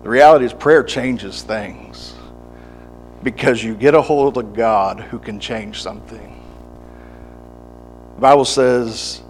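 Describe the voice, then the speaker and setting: Fervent preacher building to pleading. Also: male voice, medium pitch, takes it slowly, pauses often, faint music behind. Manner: stammering restarts, builds from quiet to fervent pleading. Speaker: pastor. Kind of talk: sermon. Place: church service.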